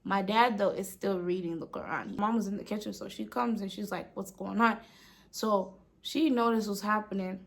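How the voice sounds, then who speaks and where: A woman's voice: medium pitch, normal speed, vocal fry, few pauses. A woman vlogger telling a storytime tale in a casual way, dropping "like" often and half-whispering at times. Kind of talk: storytime vlog.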